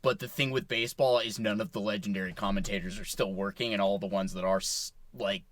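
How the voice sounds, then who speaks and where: A man's voice: on the low side, steady tone, fast talker, a bit bright, no echo. A man co-hosting a casual sports podcast, rambling and opinionated, with lots of fillers. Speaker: podcast co-host.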